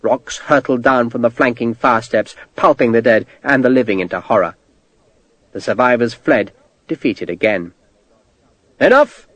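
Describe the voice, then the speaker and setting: A man narrating a historical war novel as an audiobook, with an expressive storytelling delivery. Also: medium pitch, moderate pace, no echo. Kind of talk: scripted narration.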